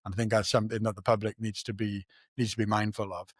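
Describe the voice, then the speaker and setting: A man's voice: on the low side, flat delivery, quick pace, breathy edge, dry recording, studio quality. A man hosting a podcast, talking in an earnest, reflective way and thinking aloud in casual conversation. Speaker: podcast host.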